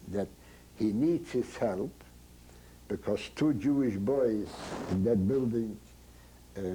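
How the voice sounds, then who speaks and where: An older man recounts his memories in halting, broken English, now and then slipping into German. His voice sits low and mellow. A faint noise runs under the recording. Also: poor audio. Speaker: Holocaust survivor giving testimony. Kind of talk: oral history testimony.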